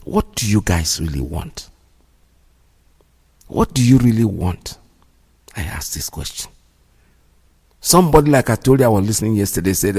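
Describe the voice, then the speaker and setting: A man's voice: lowish voice, very animated, normal speed, pauses often, a little mellow, breathy edge. A man hosting a radio show, giving indignant, preachy commentary and repeating himself for emphasis. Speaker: radio host. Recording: long hall reverb.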